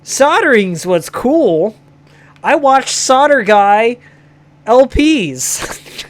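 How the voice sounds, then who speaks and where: A man's voice: very high-pitched, sing-song, very slow, pitched above the performer's own voice, exaggerated voice. A man voicing a bratty kid who sneers at his father in a whiny, contemptuous tone. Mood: scornful. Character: bratty mocking kid scorning his dad.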